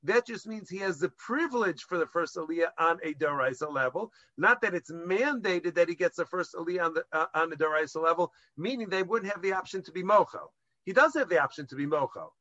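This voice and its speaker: High, bright-voiced man teaching Jewish law. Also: dry recording, muffled recording. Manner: explanatory, mixes Hebrew and Aramaic terms with English; hesitant restarts while explaining. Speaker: rabbinic lecturer. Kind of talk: halacha lesson to a class.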